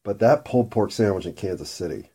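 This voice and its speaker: A man's voice: fairly low pitch, expressive, a little fast, warm tone, slightly rough. A man talking in a casual, rambling monologue while he eats, swearing freely as he goes. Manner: profane, rambling and food-obsessed. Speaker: vlogger.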